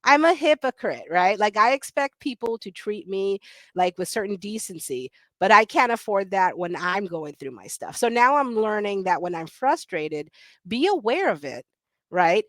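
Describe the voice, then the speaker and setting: Speaking at normal speed in an expressive, medium-pitched voice, a middle-aged woman shares candid stories over a video call as part of a panel. She's blunt, pokes fun at herself, and laughs a lot; the recording is dry.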